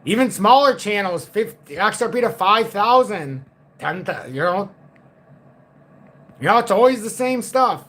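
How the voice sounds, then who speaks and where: A man's voice: high voice, animated, a little slow, fairly bright tone. A man hosting a crypto market livestream, ranting in a blunt, profane, cynical way to his viewers. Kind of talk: casual livestream rant.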